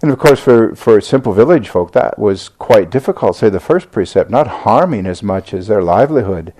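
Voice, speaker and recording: An older American man giving a reflective dharma talk, speaking haltingly with many fillers and restarts. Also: on the low side, expressive, warm tone. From United States. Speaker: Buddhist teacher giving a talk.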